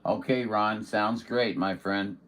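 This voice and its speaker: A man chatting on CB radio as the host of a livestream, friendly, with drawn-out radio sign-offs, speaking from indoors at home. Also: fairly low pitch, steady tone, a bit bright. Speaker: CB radio operator hosting a livestream. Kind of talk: casual CB radio chat.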